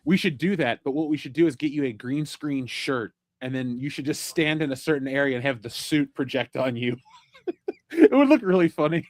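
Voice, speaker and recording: A man's voice: medium pitch, expressive, a little fast, no echo. A man hosting a pop culture chat show, reading viewer comments and teasing his co-host with frequent laughter. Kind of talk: casual chat.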